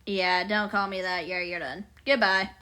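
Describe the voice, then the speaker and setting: A woman's voice: mid-range voice, fairly even intonation, normal speed, sharp tone. A woman live streaming, chatting casually with her viewers in a playful, giggly way.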